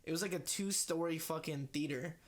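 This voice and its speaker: A man's voice: a little high, fairly quick. A young man co-hosting a casual podcast, telling stories with lots of "like" and free swearing. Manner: animated storyteller, heavy filler "like", swears freely. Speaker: podcast co-host. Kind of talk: casual chat.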